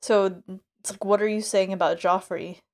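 A woman's voice: medium pitch, fairly even intonation, moderate pace, a little mellow. A woman co-hosting a podcast, musing casually about a book with lots of fillers. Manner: loose, filler-heavy musing. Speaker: podcast co-host.

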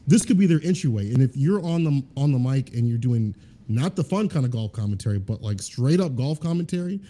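A man chatting as a guest on a podcast, his voice very dark and mellow. He talks earnestly and rambles, stacking up fillers as he works through his thoughts. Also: medium pitch, animated, fairly quick. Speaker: guest fighting game commentator. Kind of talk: casual podcast chat.

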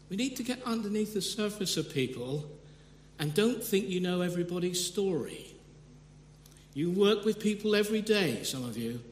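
Earnest preacher in an echoey hall. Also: male voice, on the high side. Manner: earnest, with frequent restarts and sudden emphatic rises. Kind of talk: sermon. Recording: echoey hall with long reverb, faint hum.

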